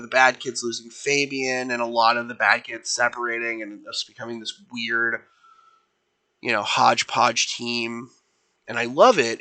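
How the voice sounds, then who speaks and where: A worn-out female team leader speaks low and haltingly, weighed down by grief, as a man voices her without changing his voice. His tone stays very bright. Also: low-quality recording. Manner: quiet, heavy, halting. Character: weary female team leader, grieving and bitter.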